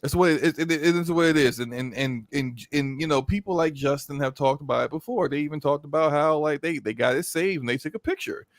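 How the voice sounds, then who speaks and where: A man's voice: on the high side, a little fast, few pauses, no room sound. Rambling male podcast guest, dry sound. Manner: rambling, stammering restarts, acting out skits. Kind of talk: casual podcast chat.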